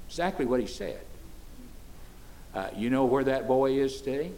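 A man's voice: mid-range voice, big pitch swings, brisk, darkish tone. An older man, preaching a sermon in a folksy way that builds to fervent emphasis. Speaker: pastor.

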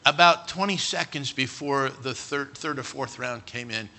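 A middle-aged male pastor preaching a sermon, telling stories and swinging from quiet asides to loud near-shouts. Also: medium pitch, normal speed.

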